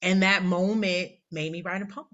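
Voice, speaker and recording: Forties woman rambling on candidly in an interview, bright voice, kinda dull lo-fi sound. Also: on the low side, fairly even intonation, moderate pace. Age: 40s. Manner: candid, rambling, self-deprecating storyteller. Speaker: poet guest. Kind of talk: casual interview chat.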